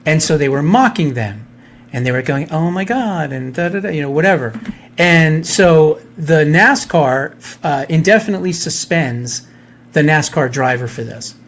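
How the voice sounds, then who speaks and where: A man's voice: fairly high pitch, moderate pace, fairly bright tone. A man co-hosting a live radio talk show, telling a story in a blunt, casual way. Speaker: co-host.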